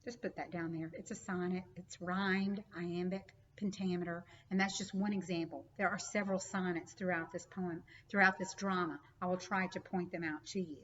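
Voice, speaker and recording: A woman's voice: fairly low pitch, steady tone, normal speed, few pauses, a bit bright, recorded from a distance, highs cut off. Woman teacher reading verse aloud. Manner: reads verse aloud with rising emphasis, then explains plainly. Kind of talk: recorded online lesson.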